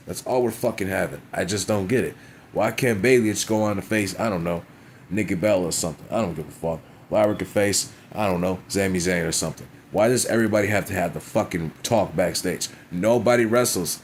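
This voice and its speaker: Man, low voice, wrestling review rant, crude and blunt, light background hiss. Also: brisk. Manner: blunt, profane, frequent "you know what I'm saying". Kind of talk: casual profane rant.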